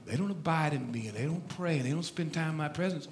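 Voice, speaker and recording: A man voicing God the Father as a calm, hushed, fatherly figure with a deep voice. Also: quick pace, a little hiss or hum, lightly acted.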